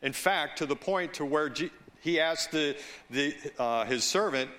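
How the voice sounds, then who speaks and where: Slightly high with a sharp edge, this pastor's voice carries a measured, deliberate sermon where he tells stories on the side and prompts the congregation to respond in agreement.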